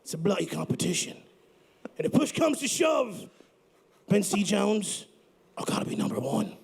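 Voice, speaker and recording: A musician guest on a live podcast interview puts on a cocky British rocker persona, his accent drifting toward Australian as he trash-talks with swagger. His full character voice is high-pitched, creaky and husky, with huge pitch swings at a moderate pace.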